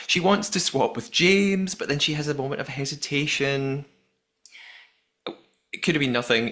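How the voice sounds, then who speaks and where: A man hosting a podcast, giving an animated, jokey episode recap from his notes. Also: medium pitch. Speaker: podcast host.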